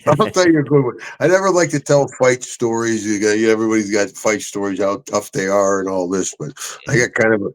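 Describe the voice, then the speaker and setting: A man co-hosting a casual talk show, telling animated road stories, laughing often and jumping high into voices when he quotes people. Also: a little fast, low-quality recording. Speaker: podcast co-host, retired wrestler telling road stories. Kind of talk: casual storytelling chat.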